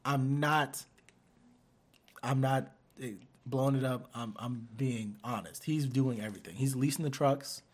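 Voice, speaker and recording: A man's voice: mid-range voice, measured pace. A young man hosting a podcast, telling a story in casual chat. He laughs as he talks and acts out the voices of other people. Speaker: podcast co-host.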